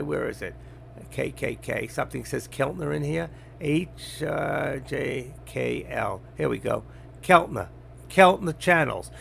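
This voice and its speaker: An older man talking bluntly and rambling on a trading live stream, getting louder as he teaches. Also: on the high side, creaky, slight background noise. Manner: blunt, rambling, gets loud when teaching. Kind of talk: casual live-stream talk.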